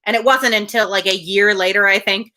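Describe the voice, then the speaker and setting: Female reader, mid-pitched, relaxed story reading with chatty asides. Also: brisk, a crowd in the background. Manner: chatty, laughing asides between passages.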